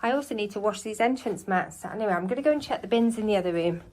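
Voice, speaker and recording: Moving quickly through her indoor chores, this woman vlogger talks in a medium-pitched, a little mellow voice with lively intonation. She's slightly breathless and scattered, casually describing each cleaning task around the house.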